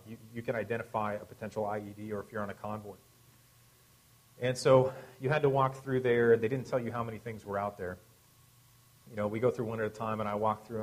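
A man who serves as a military chaplain, telling a personal story conversationally, with wry humor and a voice that drops to a hush at emotional moments. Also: fairly low pitch, poor audio. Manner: wry, self-deprecating humor.

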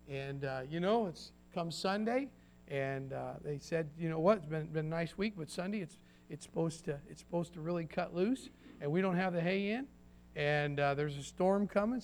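A man's voice: a little high, darkish tone, a little hiss or hum. A man preaching a sermon to his congregation, folksy and emphatic, with repeated phrases and asides to the listeners. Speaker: pastor.

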